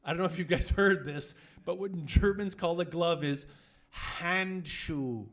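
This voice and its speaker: A man in his forties from French-speaking Canada doing a stand-up set on stage, animated and switching into loud voices for punchlines. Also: a little high, moderate pace. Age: 40s. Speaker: stand-up comedian. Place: comedy club stage with audience.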